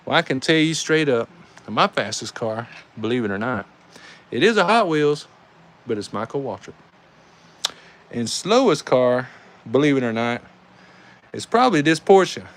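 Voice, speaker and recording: A man with a Southern US accent calling live die-cast car races, excitable and saying y'all, reading out times as each heat ends. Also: medium pitch, normal speed, pauses often. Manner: excitable, calls out race times, says y'all. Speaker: die-cast race host and commentator. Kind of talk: live race commentary.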